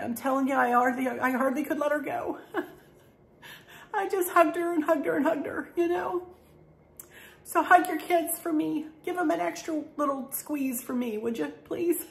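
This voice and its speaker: This middle-aged craft and home decor vlogger has a slightly high, creaky voice. Teary and emotional, she chats through her vlog with folksy, gushing warmth and keeps saying the same things over.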